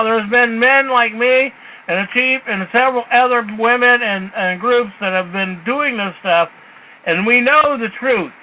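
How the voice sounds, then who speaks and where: High, bright-voiced blunt male host. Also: slight background noise, rough recording. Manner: blunt, profane, animated storytelling. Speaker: show host. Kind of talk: call-in talk show chat.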